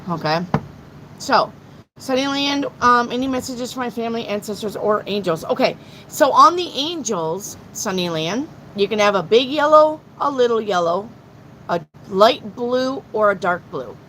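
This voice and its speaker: A middle-aged woman reading tarot on a live stream, blunt and excitable, swearing freely as she talks to her chat. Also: a little high, moderate pace, a little hiss or hum, rough recording. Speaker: tarot reader.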